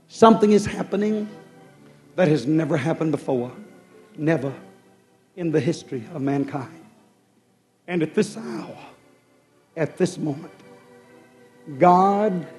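A man preaching a fervent sermon in a rhythmic style, often dropping suddenly soft. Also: fairly high pitch.

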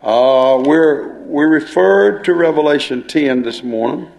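A man's voice: a little high, slow, vocal fry, darkish tone. A male preacher delivering a sermon, dwelling on and repeating key phrases as he explains scripture.

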